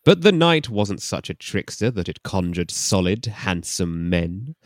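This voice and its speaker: A man's voice: deep voice, sing-song, unhurried, no echo, studio quality. A man hosting a podcast, reading a novel aloud with wry, mock-dramatic comic asides.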